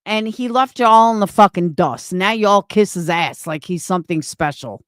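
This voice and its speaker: A woman's voice: mid-range voice, moderate pace, few pauses, dry recording. A woman streamer delivering an angry, profane, confrontational rant on a livestream.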